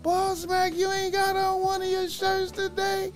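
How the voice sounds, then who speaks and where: A man putting on the voice of an excited female store clerk who gushes and shouts like a fan. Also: extremely high pitch, unhurried, over loud music, pitched above the performer's own voice. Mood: gushing, excited. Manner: squealing, shouting, gushing.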